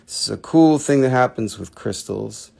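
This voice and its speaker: Gravelly chatty man selling crystals. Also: mid-range voice, lively intonation, unhurried, a little mellow. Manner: chatty, jokey, plays with a put-on accent. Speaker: host of a live crystal sales show. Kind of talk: casual live-stream selling.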